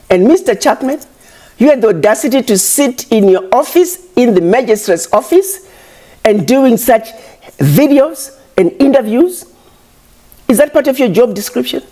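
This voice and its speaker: A woman's voice: medium pitch, warm tone, husky. A woman giving an impassioned public address, scolding her critics with repeated rhetorical questions.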